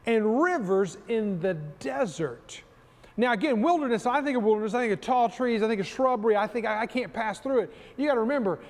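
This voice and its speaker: A man's voice: high-pitched, darkish tone, big-room sound. A man preaching a sermon as pastor, using emphatic repetition. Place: church sanctuary.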